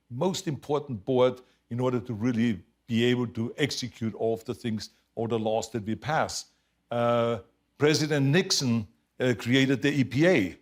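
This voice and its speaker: A man from Austria with a strong Austrian German accent, telling stories as an interview guest in an animated, emphatic way with frequent laughs. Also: mid-range voice. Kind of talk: casual storytelling interview.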